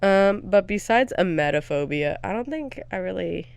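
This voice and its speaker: A woman's voice: mid-range voice, lively intonation, moderate pace, vocal fry, smooth, no echo. A young woman co-hosting a podcast, telling frank, candid stories in casual chat with lots of filler words. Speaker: podcast co-host.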